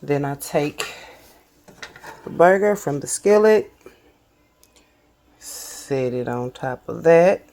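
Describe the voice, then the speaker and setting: A woman's voice: deep voice, lively intonation, slow, pauses often, warm tone, a little hiss or hum. A woman, chatting casually to viewers while she builds and tastes a burger in a cooking vlog. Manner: chatty, addresses viewers as y'all. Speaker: cooking vlogger.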